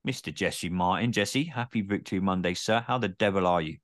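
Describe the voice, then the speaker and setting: A man's voice: deep voice, a little fast, no room sound, studio quality. A man hosting a casual sports podcast, chatty and swearing casually, with many filler words. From Britain. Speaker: podcast host.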